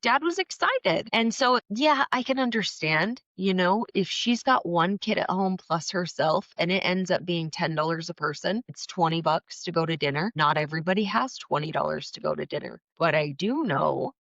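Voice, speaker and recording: A woman guest on a podcast, telling a personal story in an animated, emotional way and acting out the quotes. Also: lowish voice, moderate pace, gravelly, few pauses, no room sound, dull audio.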